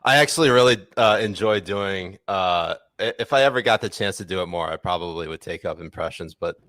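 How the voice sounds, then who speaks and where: Low-voiced man in casual podcast chat. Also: brisk, a bit bright, dry recording. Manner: rambling, lots of fillers, jokey. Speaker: podcast co-host.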